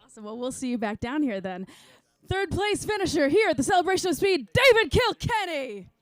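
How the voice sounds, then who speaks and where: A woman's voice: sits high, sing-song, fairly quick, no echo. A woman announcing a race podium, bubbly and joking, laughing often as she interviews the riders.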